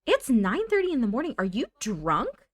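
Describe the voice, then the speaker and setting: A woman's voice: medium pitch, very animated, normal speed, dry recording. A woman voicing an angry mother scolding her ex-husband in a life-sim game, in an exasperated tone.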